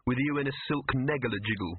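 A man's voice: medium pitch, a little fast, a little hiss or hum, lightly acted. A man voicing a hasty, flustered young man. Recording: phone-like lo-fi audio.

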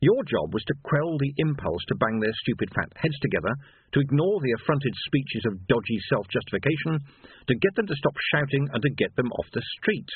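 A man reading a novel aloud as narrator, wry and measured, on a thin, phone-like recording. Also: mid-range voice, very animated, slightly rough, no echo. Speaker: audiobook narrator. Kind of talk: scripted narration. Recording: dry phone-like lo-fi sound.

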